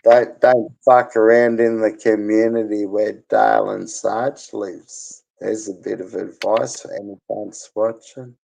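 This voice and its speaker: A man's voice: fairly low pitch, steady tone, unhurried, vocal fry, hardly any pauses, mellow, rough recording. A middle-aged Australian man talking crudely and boastfully in casual chat, laughing often. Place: bar.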